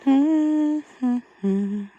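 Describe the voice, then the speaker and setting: Pregnant and relaxed, a young woman streams live, chatting drawlingly with viewers and humming to herself in the gaps. Her voice sits high and mellow at an extremely slow pace; the recording is muffled but has no room sound.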